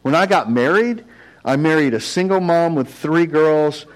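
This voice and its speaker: A middle-aged male pastor giving an earnest sermon that mixes personal stories and a guided prayer, swinging between loud and hushed delivery. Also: fairly high pitch, expressive, measured pace, low-quality recording.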